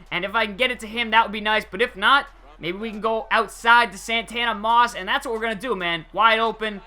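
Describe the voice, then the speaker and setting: A young man giving casual, excitable gameplay commentary over a football video game, using slang and chuckling often. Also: sits high. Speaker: gaming channel host.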